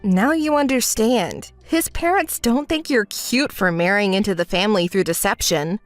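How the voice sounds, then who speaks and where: A woman narrating a dramatized texting story as the friend, speaking calmly in an exasperated, scolding way. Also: medium pitch, moderate pace, dry recording, faint music behind.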